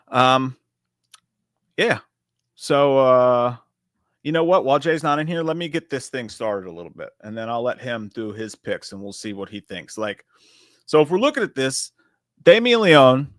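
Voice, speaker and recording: A man's voice: mid-range voice, normal speed, no room sound, clean studio sound. A man co-hosting a live movie podcast, chatting casually, swearing a lot and laughing often. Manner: profane, animated, laughs often. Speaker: podcast co-host.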